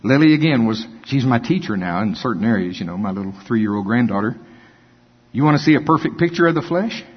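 An older man preaching a sermon, reading scripture and breaking into animated, folksy asides. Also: mid-range voice, fairly quick, husky. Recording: dull lo-fi with long hall reverb.

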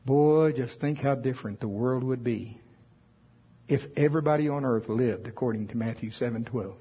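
A man's voice: mid-range voice, moderate pace, husky, dull audio. A man preaching a sermon with emphasis, reading scripture aloud in old wording. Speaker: pastor.

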